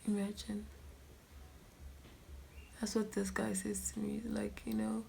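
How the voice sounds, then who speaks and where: Slow, hushed South African woman. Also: medium pitch, monotone, gravelly, slight background noise. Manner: dramatic storytelling, often dropping to a soft near-whisper. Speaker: YouTuber. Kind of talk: storytime chat while doing makeup.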